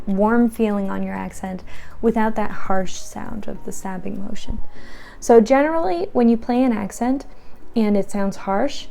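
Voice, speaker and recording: A woman teaching piano and explaining patiently in a clear instructional tone. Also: mid-range voice, mellow. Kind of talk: instructional tutorial.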